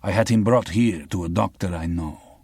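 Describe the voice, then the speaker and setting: Brief: a man playing a solemn Albanian man, measured delivery, a touch higher than a low base, dry close read. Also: a little mellow, slightly rough, dry recording.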